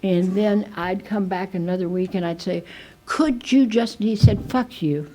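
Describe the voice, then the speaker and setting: A woman's voice: mid-range voice, normal speed, warm tone, poor audio. An older woman sharing her story at a recovery meeting, a chatty, self-mocking storyteller who restarts her sentences often. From United States. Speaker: AA speaker. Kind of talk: speaker meeting share. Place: meeting room.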